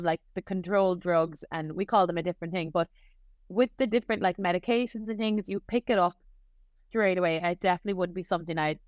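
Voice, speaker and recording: A woman's voice: on the low side, no echo, clean studio sound. A young adult Irish woman, a nurse, chatting casually in an interview with lots of filler words. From Ireland. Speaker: nurse guest.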